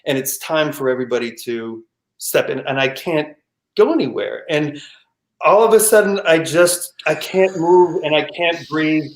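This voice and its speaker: A man telling a personal story at a live storytelling show, animated and full of restarts and vocal sound effects. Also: fairly high pitch, normal speed. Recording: echoey room.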